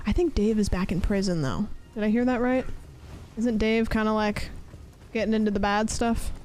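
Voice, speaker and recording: A woman's voice: mid-range voice, normal speed, a little mellow, slight background noise. A young woman streaming a game, chatting casually and rambling as she answers her chat. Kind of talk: casual chat while gaming.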